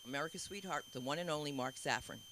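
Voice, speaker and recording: A woman's voice: deep voice, fast, noisy background. A woman hosting a stand-up comedy show, rambling through her own stories and introductions. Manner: rambling, self-interrupting storytelling. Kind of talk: stand-up emcee banter.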